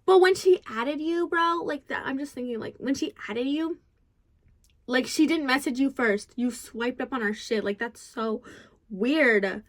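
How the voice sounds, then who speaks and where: A high-voiced young woman talks straight to her phone in a loose, rambling storytime vent. She leans on "like" constantly and drops from low mutters into loud, exasperated outbursts. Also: unhurried. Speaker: vlogger. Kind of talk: casual storytime vent to viewers. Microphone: phone close by.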